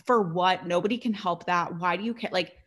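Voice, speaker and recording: Young female podcast host, lowish voice, chatty and animated, heavy on fillers. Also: brisk. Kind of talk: casual chat.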